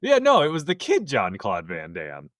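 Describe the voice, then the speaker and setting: A man co-hosting a movie podcast in casual chat, playful and quick to laugh. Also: medium pitch, wildly swooping pitch, fairly bright tone, no room sound, studio quality. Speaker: podcast co-host.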